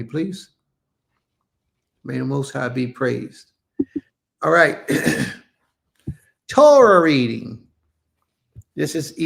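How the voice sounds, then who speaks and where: A man hosts an online religious service, his voice deeply gravelly at a middling pitch. He preaches casually and emphatically, doubling back on phrases. It sounds like a computer mic on a live stream. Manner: repetitive, emphatic, addresses listeners as family. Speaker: congregation leader.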